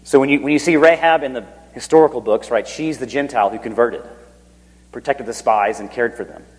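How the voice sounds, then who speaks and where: A pastor with a somewhat husky voice delivers a sermon. He reads scripture with building emphasis and then sinks to a near whisper for the most reverent lines. His voice rings out with a long reverb, as if recorded in a church sanctuary. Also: mid-range voice, a little fast.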